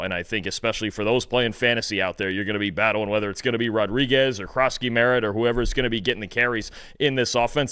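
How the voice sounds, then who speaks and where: Fast-talking man, dry close sound. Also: fairly low pitch, fairly bright tone, no echo. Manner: fast, thinking aloud with restarts. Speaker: co-host, football analyst. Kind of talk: casual sports analysis chat.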